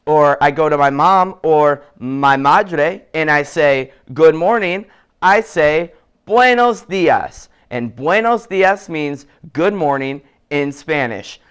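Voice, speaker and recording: A man leads a children's language lesson with a slightly high, smooth and clear voice. He talks at an unhurried pace and stretches out each word he wants repeated. He keeps up a steady, encouraging tone toward his young learners. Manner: encouraging, slow and deliberate with drawn-out model words. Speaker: teacher for children.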